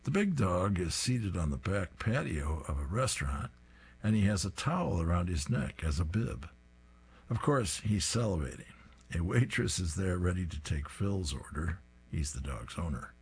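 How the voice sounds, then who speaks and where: A man reads comic strips aloud and describes each panel in detail. His voice is deep and very husky, almost breathy. He sounds amused and unhurried. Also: very animated, darkish tone.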